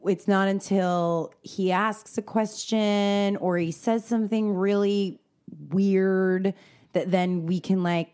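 A woman's voice: mid-range voice, slow pace, clean tone. A mother chatting casually with friends, acting out the lines she quotes with lots of expression. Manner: expressive, acts out quotes vividly. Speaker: mother and guest. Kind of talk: casual chat among friends.

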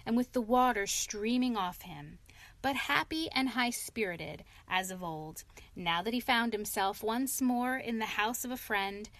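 A woman reading a classic children's story aloud with slow, measured narration. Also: on the high side, lively intonation, fairly bright tone, no echo. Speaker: reader.

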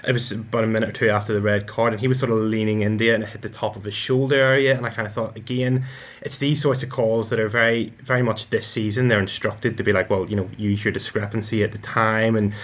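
Hesitant male football pundit, low voice. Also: fairly even intonation, fast talker. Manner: hesitant, many repeated words. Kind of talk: casual football analysis.

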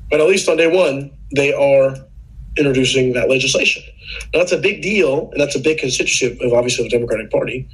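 A husky-voiced man talks through a political issue in a relaxed podcast chat. His pitch sits at an average level. He explains patiently, often backtracking to fix a word or restart a thought. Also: rough recording. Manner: earnest, explanatory, with frequent restarts. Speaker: podcast guest.

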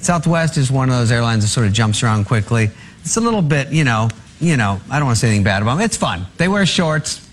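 A man spins chatty, self-deprecating anecdotes as a talk-show guest, laughing as he goes. The broadcast clip carries a clear layer of background noise, and his voice sits at an ordinary middle pitch. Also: lively intonation, quick pace. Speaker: comedian guest on a late-night show.

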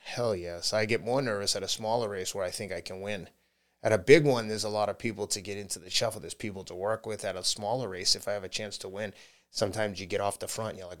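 Candid man, low voice. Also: fairly even intonation, fast talker, a bit bright. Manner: candid, laughs often, slips into quoted voices. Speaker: podcast guest, marathon runner. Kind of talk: casual interview talk.

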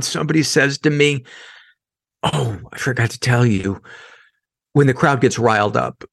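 Gravelly husky man telling a story. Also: fairly high pitch, fairly bright tone. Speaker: guest comedian telling a story. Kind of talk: casual storytelling.

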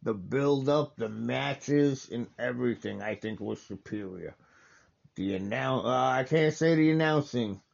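A man's voice: medium pitch, measured pace, vocal fry, muffled recording. A man hosting a casual wrestling watch-along, talking over the match in a rambling, enthusiastic way and correcting himself often.

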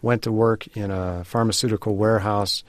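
A man being interviewed on radio as an author, speaking in a measured way with frequent fillers. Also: on the low side, fairly even intonation, no room sound. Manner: measured, hesitant with many fillers. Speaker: author and guest.

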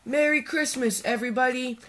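A woman's voice: high-pitched, fairly quick, fairly bright tone, pitched above the performer's own voice. A woman voicing a jolly male badger from a storybook, merry but easily grumpy, with a theatrical, exclaiming manner.

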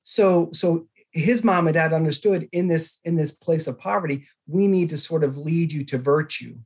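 Earnest storytelling man, fairly high voice. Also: normal speed, breathy edge. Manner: earnest, storytelling, animated emphasis. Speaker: podcast guest, author. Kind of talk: conversational interview.

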